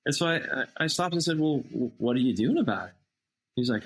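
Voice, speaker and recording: A man, a missionary guest on a podcast, telling a personal story in a casual, animated way and acting out the dialogue. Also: mid-range voice, fast talker, rough recording. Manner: animated, acts out quoted dialogue.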